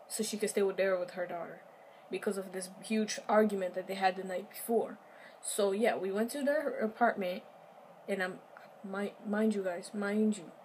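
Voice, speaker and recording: A woman's voice: medium pitch, slight background noise. Chatty woman telling a storytime. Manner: animated, chatty, addresses viewers directly. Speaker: vlogger. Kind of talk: casual storytime.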